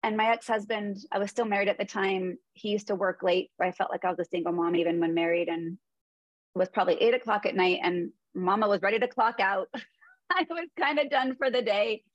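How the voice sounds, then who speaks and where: Heard through a dry, muffled recording, this woman in her forties has a mid-range voice and talks fairly quickly. She's the guest in a conversational interview, sharing earnest stories on parenting and mindfulness.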